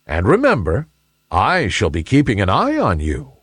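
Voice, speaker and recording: A wise, kindly sun from a children's storybook, voiced by a man reading aloud. He speaks gently and in a measured way, a touch lower than a plain voice, with lively swings in pitch. The recording is close and dry. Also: husky, no echo, exaggerated voice. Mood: gentle. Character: wise, kindly male sun, calm and firm.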